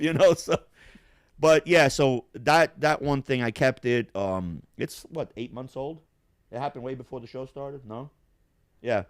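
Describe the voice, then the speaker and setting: This podcast host has a medium-pitched voice, captured in clean studio sound without any room noise. He tells a lively story in a casual chat, swearing freely and laughing a lot.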